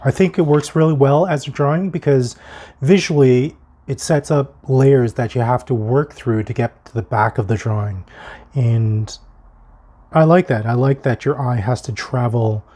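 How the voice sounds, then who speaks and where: A man's voice: medium pitch, moderate pace, mellow. A man hosting his own art video, talking in a reflective, musing way and thinking aloud as he goes. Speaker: art vlogger. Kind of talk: reflective solo video monologue. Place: home art studio.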